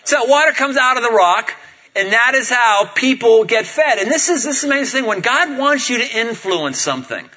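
A man's voice: very high voice, lively intonation, a little fast, sharp tone. A male pastor preaching a sermon in a conversational, playful way, drawing the congregation into the talk, on a dull lo-fi recording. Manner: conversational and playful, gets the audience to join in.

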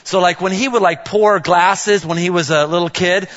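A middle-aged man preaching a sermon, playful and animated, acting out family scenes with big swings in his voice. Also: normal speed, big-room sound, muffled recording. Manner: animated, playful, acts out dialogue with big pitch jumps. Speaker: pastor.

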